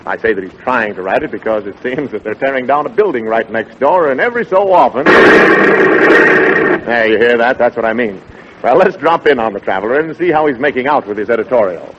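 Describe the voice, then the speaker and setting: Brisk old-time radio announcer, fast and hissy. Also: male voice, medium pitch, animated. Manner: brisk, hearty announcer delivery that rushes through a story. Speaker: radio announcer and straight man. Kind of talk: 1940s radio comedy and ad reading. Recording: muffled old radio broadcast with hiss.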